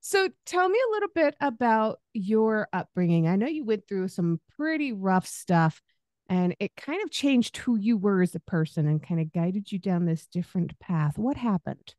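A woman's voice: mid-range voice, sing-song, normal speed, darkish tone, no room sound, clean studio sound. A woman podcast host from Arkansas, chatting in a friendly way and laughing often as she interviews her guest. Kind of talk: casual interview conversation.

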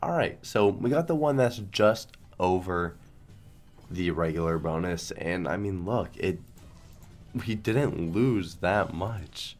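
Young male streamer, sick, very low voice, rambling self-deprecating commentary, faint background music. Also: lively intonation, slow. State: sick, coughing. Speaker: slot streamer. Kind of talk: casual gambling stream commentary.

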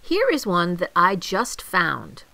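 Quick eager raccoon, as a grandmother puts him on. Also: fairly low pitch, wildly swooping pitch, creaky, sharp tone, no echo, exaggerated voice.

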